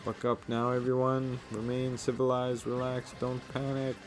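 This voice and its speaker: A pompous, vain merchant who boasts and lords it over everyone, speaking in a grand, drawn-out manner, as a man puts him on. His voice sits fairly low and dark. Soft game music plays underneath. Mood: flustered. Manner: grandiose, drawn-out lordly delivery with haughty laughs. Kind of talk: reading game dialogue aloud.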